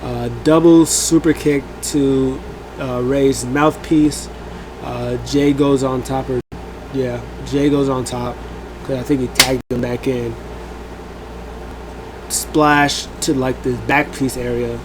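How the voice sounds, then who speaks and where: A man's voice: mid-range voice, slow pace, noisy background. A man casually recapping a wrestling event as host of a review show, rambling with many fillers and acting out what people said. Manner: rambling, animated, many fillers, acts out quotes.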